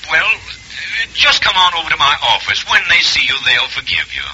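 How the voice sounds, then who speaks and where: An actor playing a mild, eager young fiancé in a 1940s radio play, talking in a flustered way. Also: male voice, a little high, very animated, moderate pace, noisy background. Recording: dull old radio broadcast.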